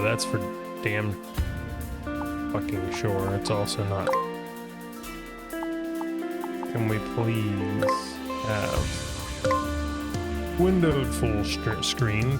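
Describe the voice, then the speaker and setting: A man giving casual let's-play commentary, sounding tired and mumbly, with offhand swearing. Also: fairly low pitch. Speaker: gaming streamer.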